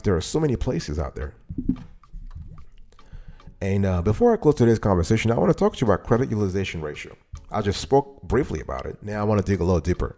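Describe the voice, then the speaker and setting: Man hosting his own show. Low, warm delivery, talks straight to his audience, repeats points for emphasis. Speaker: host. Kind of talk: casual talk-show monologue.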